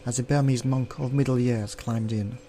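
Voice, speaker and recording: A man hosting a let's play, reading a text adventure aloud and clearing his throat often, with offhand asides. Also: medium pitch, steady tone, normal speed, mellow, a little hiss or hum.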